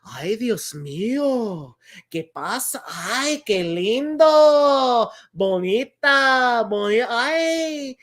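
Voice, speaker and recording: A man's voice: extremely high pitch, expressive, fairly bright tone, pitched above the performer's own voice, heavily acted. A man doing a feisty old grandma. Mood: fond delight. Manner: slow, broken English, fussing. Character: elderly Cuban grandmother, feisty, stubborn.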